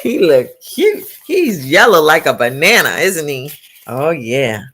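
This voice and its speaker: A woman reading a picture book aloud to children, animated and exclamatory, stopping to ask them questions. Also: deep voice, a little slow. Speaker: storytime reader for children.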